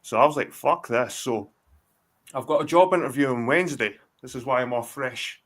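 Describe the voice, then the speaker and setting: Scottish man, forties, guest, swears a lot, rambling restarts, mid-pitched voice, video call. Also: a little fast, fairly bright tone. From Scotland. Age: 40s. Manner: rambling, profane storytelling with many restarts. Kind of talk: casual chat.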